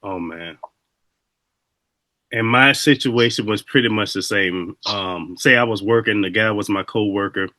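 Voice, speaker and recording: A man's voice: on the low side, measured pace, sharp tone, no echo. A man hosting a podcast, talking in a laid-back, reflective way with loose, rambling stories. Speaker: podcast host. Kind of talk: casual interview chat.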